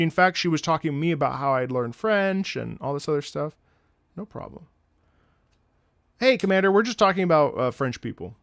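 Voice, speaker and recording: A man chats on a live stream in a lively, swooping voice with a gravelly edge. He tells stories and jumps into impressions, all recorded dry and close. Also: no room sound. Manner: animated storyteller, mimics French voices with high loud bursts. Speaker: streamer host. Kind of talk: casual live-stream chat.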